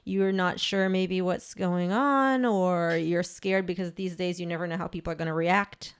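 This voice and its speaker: A woman's voice: on the low side, fairly even intonation, normal speed, clear, resonant tone. A woman from Belize, a guest author, telling a personal story in earnest with many restarts. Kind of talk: conversational interview.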